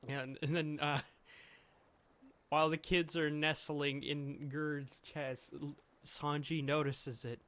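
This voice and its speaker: A man's voice: fairly high pitch, flat delivery, slow, a bit bright. A man reviewing a comic chapter in casual commentary, thinking aloud and chuckling often as he reads along.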